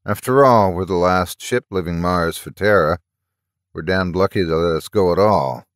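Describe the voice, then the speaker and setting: A self-assured, blustering businessman in a spoken story, deep and heavy-set, as a male narrator voices him. The sound is dry and close. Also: moderate pace, no room sound, lightly acted.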